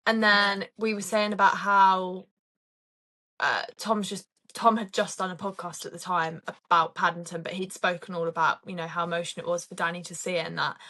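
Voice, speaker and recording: Bright-voiced young woman podcast co-host. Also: on the low side, little pitch movement, moderate pace. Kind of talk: casual chat.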